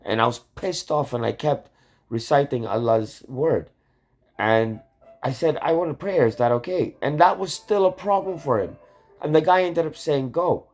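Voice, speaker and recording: A man's voice: on the high side, normal speed, darkish tone, faint music behind. A man hosting his own channel, ranting in an agitated, rambling way, swearing often and restarting his sentences. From Canada. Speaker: YouTube channel host. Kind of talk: angry rambling vlog rant.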